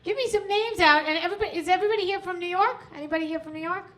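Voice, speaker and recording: A woman's voice: very high voice, very fast, heavy background noise. A woman hosting a comedy club stage, doing chatty, self-mocking stand-up and working the crowd on a handheld mic.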